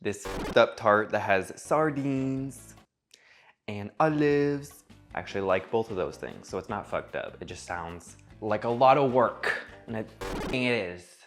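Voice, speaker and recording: A man's voice: on the low side, expressive, measured pace. A man hosting a comedic cooking vlog in his home kitchen, sarcastic and profane, with theatrical asides. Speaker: cooking vlogger. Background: faint music.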